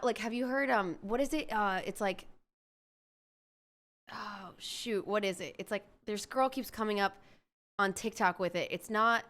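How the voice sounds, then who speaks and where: While creating a game character on stream, a woman host rambles in casual chat, groping aloud for the right words. She has a mid-range, slightly bright voice.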